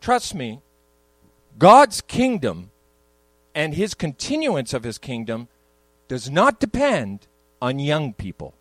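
A man's voice: fairly high pitch, wildly swooping pitch, takes it slowly, pauses often, a bit bright, no room sound, poor audio. An older man, a pastor, preaching a sermon in a church, moving between conversational asides and emphatic peaks. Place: church sanctuary.

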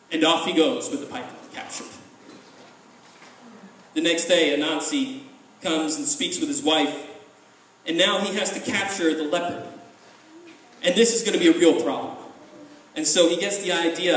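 Male folk tale teller, lively and chatty, high voice, off-mic in a reverberant room. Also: moderate pace. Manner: lively, conversational asides. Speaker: storyteller. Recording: echoey room, voice from a distance.

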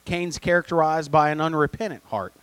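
A man preaching a sermon, moving between soft conversational asides and loud emphatic peaks. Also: on the high side, brisk, clear, resonant tone, no echo. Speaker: pastor.

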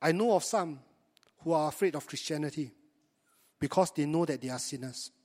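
A pastor preaches to his congregation in a conversational style, often putting rhetorical questions to them. His voice is slightly high and a little mellow, at a normal speed, with a long reverb tail.

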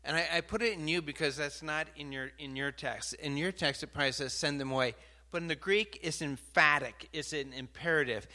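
A man delivers a sermon in a bright, ringing voice pitched a little high for a man. He talks animatedly and builds to emphatic, forceful passages. Now and then he stops to sort out his slides. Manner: animated, rising to emphatic outbursts; pauses mid-talk to sort out slides. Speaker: preacher.

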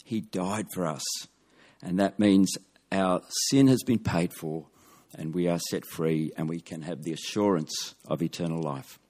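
A man preaching a sermon, measured and emphatic, dropping his voice on key words. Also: low-pitched, dark tone.

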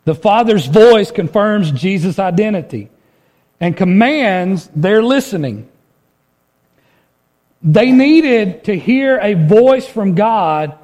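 Pastor, male, fairly high voice, preaches conversationally with lots of rhetorical questions. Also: animated, takes it slowly, darkish tone. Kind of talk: sermon.

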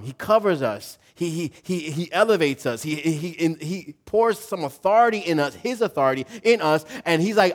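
A man's voice: a little high, normal speed, few pauses. A man preaching a conversational sermon as a pastor, casual and slangy, telling stories and acting out voices. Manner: animated, animated storytelling with acted-out voices.

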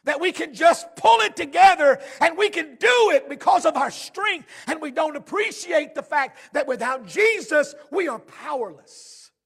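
Pastor, male, very high gravelly voice; preaches with shouted peaks and hushed drops. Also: animated, normal speed, hardly any pauses. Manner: swings from shouted emphasis to hushed low tones. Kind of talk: sermon.

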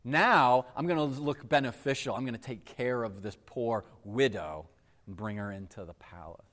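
A man's voice: mid-range voice, normal speed, a bit bright, pitched below the performer's own voice, natural voice. A man voicing a rash, self-serving biblical king, who talks in breezy modern slang during a sermon. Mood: smug. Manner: breezy casual modern talk. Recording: echoey hall with long reverb.

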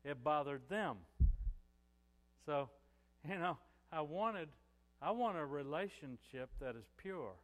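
A man's voice: a little high, animated, takes it slowly, fairly bright tone, long reverb tail. An older man preaching a sermon as pastor, in a conversational way with many "you know" fillers.

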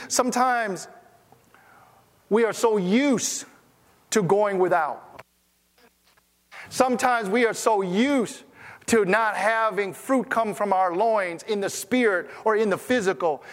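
The sound of a big room surrounds a pastor's high voice as he preaches. His sermon is conversational and story-driven, with stammering restarts throughout.

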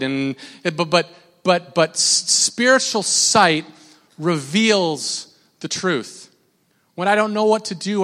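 A male pastor preaching to his congregation with a high, bright voice. He talks in a loose, conversational way, full of fillers and restarts, and calls on the listeners to answer him. The voice rings out with a long reverb from a church hall. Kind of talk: sermon.

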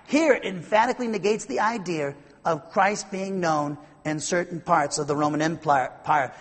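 A man preaching an expository sermon, explaining Greek words one by one and stumbling over their pronunciation, with emphatic swings between loud bursts and quiet asides. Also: sits high, slightly rough, big-room sound. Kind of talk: expository Bible-teaching sermon.

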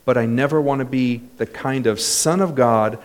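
A man preaching a sermon as a pastor, telling stories and building to loud exclamations. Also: mid-range voice, normal speed. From United States.

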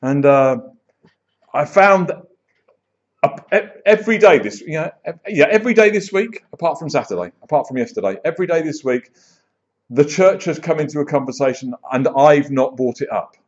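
A man preaching a sermon in church, telling stories with lively acted-out quotes. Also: on the high side, normal speed. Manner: animated storyteller, acts out quoted voices. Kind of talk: sermon with storytelling. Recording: dull lo-fi sound.

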